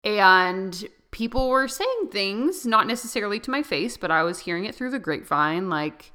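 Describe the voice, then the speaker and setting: A woman's voice: mid-range voice, sing-song, moderate pace, hardly any pauses, sharp tone, smooth. A young woman hosting her own podcast, rambling through unscripted solo talk with frequent laughs. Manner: chatty and rambling, often laughing. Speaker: podcast host.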